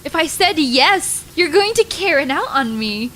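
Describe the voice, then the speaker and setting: A woman streamer casually telling stories in an animated way, saying "like" constantly. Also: high voice, a little slow, soft background music. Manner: animated, heavy use of 'like'. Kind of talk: casual storytelling.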